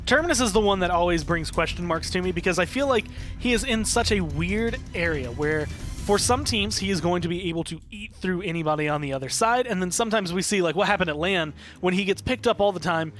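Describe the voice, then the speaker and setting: A man's voice: high-pitched, expressive, fairly bright tone, faint music behind. A young man with a slight Southern US accent giving analytical color commentary on an esports match. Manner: fast, talkative, analytical. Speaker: esports co-caster.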